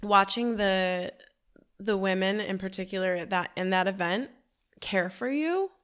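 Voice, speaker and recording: A woman who runs healing events, speaking gently and slowly in an affirming, supportive way on a podcast. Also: medium pitch, clean tone. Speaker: retreat facilitator. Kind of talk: podcast conversation.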